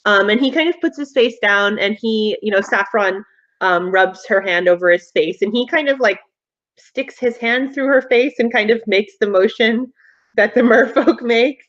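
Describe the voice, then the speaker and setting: A woman running a tabletop game, narrating in a lively, rambling way. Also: a little high, moderate pace, highs cut off. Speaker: game master.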